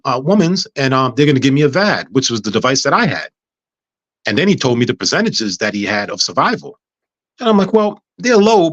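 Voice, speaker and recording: Fast-talking man telling a story. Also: medium pitch, no room sound, muffled recording. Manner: animated, acts out dialogue, frequent stammers and restarts. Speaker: guest. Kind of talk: casual storytelling.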